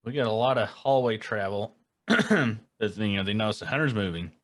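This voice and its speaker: A man's voice: fairly low pitch, expressive, moderate pace, no room sound. A man co-hosting a podcast, chatting casually and musing aloud as he searches for names. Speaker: podcast co-host.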